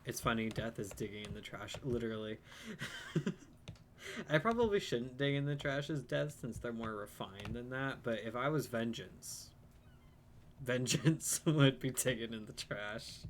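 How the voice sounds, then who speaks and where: A man's voice: medium pitch, expressive, a little slow, a little hiss or hum. Chatty man narrating his gameplay. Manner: chatty, rambling, self-deprecating. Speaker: game streamer. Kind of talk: casual let's-play commentary.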